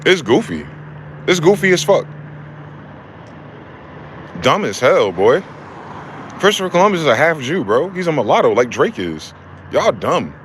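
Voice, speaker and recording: A man's voice: a little high, very animated, a little slow, long pauses, a little hiss or hum. A man delivering an angry, profane, confrontational rant that circles back to the same rhetorical questions. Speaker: vlogger. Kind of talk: angry ranting monologue.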